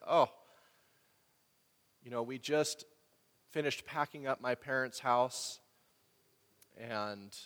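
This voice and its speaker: Male pastor, conversational sermon, long reverb, middle pitch. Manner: conversational storytelling, animated when quoting others.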